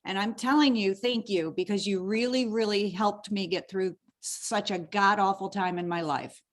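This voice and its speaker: Woman host, mid-pitched, chatty and expressive, casual interview talk. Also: normal speed. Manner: chatty, emotional and animated, many restarts. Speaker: podcast host.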